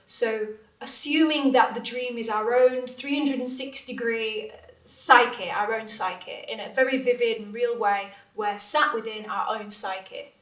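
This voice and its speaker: A woman talks through her experiences in an earnest, animated way, often restarting her sentences. Her voice sits a little high. She is heard from a distance in a room with a noticeable echo. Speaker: interview guest, astral projection teacher. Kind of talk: conversational interview. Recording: echoey room, distant from mic.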